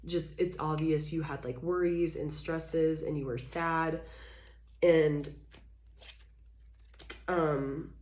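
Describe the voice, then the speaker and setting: Low-pitched woman, casual blunt tarot reader, keeps coughing, echoey room. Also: level tone, slow pace, long pauses, darkish tone. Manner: rambling, filler-heavy, blunt and frank. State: coughing repeatedly. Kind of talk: casual channeled tarot reading.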